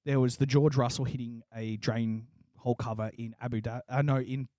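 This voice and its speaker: A man co-hosting a casual motorsport podcast, animated, laughing often and swearing freely. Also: medium pitch, brisk, dry recording, studio quality. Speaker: podcast co-host. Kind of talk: casual sports chat.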